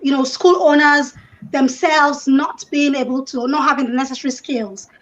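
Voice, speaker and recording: A woman from Nigeria with a Nigerian accent, a panel guest who explains her views in a measured way, often saying "you know". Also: high voice, fairly even intonation, dull audio. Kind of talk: online panel discussion.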